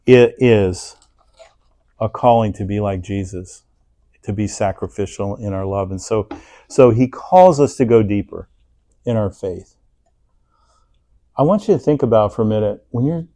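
A man preaching a sermon in a conversational, animated way, leading the congregation in reading aloud and acting out people's inner thoughts. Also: lowish voice.

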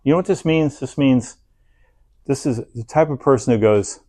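Animated conversational male preacher. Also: mid-range voice, normal speed. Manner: animated, conversational, acts out inner thoughts; leads the congregation in reading aloud. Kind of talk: sermon.

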